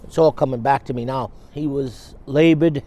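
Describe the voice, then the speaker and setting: A man's voice: mid-range voice, normal speed, mellow. A man interviewed for a documentary, speaking hesitantly and reflectively.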